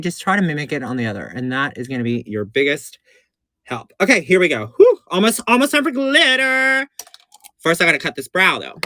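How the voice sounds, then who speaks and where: A man's voice: a little high, pushed and bright, no echo, clean studio sound. A man who performs in drag, giving a campy, chatty makeup tutorial on a livestream and calling his viewers honey and baby. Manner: gushing and repetitive.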